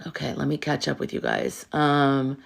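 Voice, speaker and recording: A woman with a rumbling low, gravelly voice hosts a tarot livestream at normal speed. She's very animated, chatting casually, firing off rhetorical questions and responding to viewer comments.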